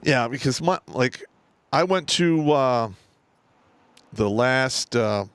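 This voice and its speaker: A man's voice: mid-range voice, slow, clean tone, no room sound. A middle-aged man co-hosting a casual podcast, telling stories with lots of swearing. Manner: profane, animated storytelling. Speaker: co-host.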